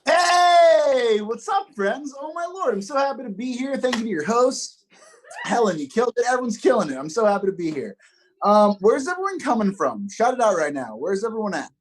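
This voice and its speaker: A young man from Los Angeles doing a stand-up comedy set, upbeat and self-mocking, with deadpan punchlines. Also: sits high, fast, a little hiss or hum, low-quality recording. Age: young adult.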